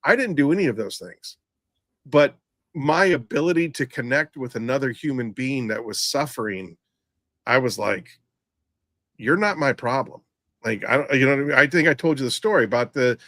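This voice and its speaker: A man's voice: mid-range voice, moderate pace, fairly bright tone, no room sound. A middle-aged man, a former EMT, telling a blunt story in casual podcast chat, rambling with many restarts. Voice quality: rambling, frequent restarts and fillers.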